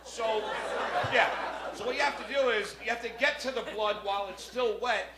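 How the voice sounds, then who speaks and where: A stand-up comedian from the Bronx with a New York accent, telling a brash, profane story on a club stage. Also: male voice, high voice, normal speed, a crowd in the background. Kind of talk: stand-up set. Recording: echoey, noisy club recording. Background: audience laughter.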